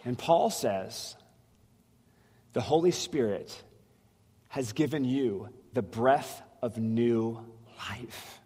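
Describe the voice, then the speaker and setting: A man's voice: medium pitch, very slow, pauses often, mellow, breathy edge. A man pastor preaching a sermon in a conversational, storytelling way, often restarting his phrases, in a church. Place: church sanctuary. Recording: long hall reverb.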